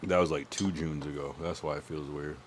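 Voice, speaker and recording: A man's voice: very deep voice, steady tone, brisk, slight background noise. A young man streaming live, chatting casually and rambling with profanity while he thinks aloud. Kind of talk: casual livestream chat.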